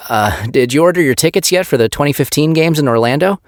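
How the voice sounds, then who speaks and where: A man voicing a wry, joking young male scientist who speaks in quick, teasing banter. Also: fairly high pitch, animated, dry recording, clean studio sound, pitched above the performer's own voice, natural voice.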